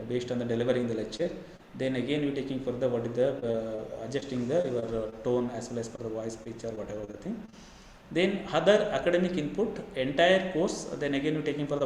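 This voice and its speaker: Fast-talking Indian man in a very echoey room. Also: medium pitch, darkish tone. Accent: Indian English. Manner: rapid, halting delivery with many fillers and repeated "then again". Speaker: university professor giving a webinar lecture. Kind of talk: online lecture. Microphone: webinar computer mic. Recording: very echoey room, faint background hiss.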